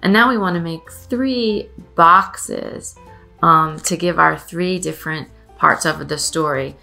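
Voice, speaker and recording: A woman reads a story aloud to young children and then walks them through a craft, gentle and patient. Her voice is lowish with a gravelly edge. Soft music plays faintly behind her. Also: slow. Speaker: museum storyteller and craft presenter.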